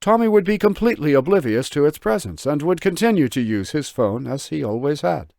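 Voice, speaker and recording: A man narrating an audiobook in a lively, expressive reading. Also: on the high side, brisk, gravelly, no room sound, studio quality.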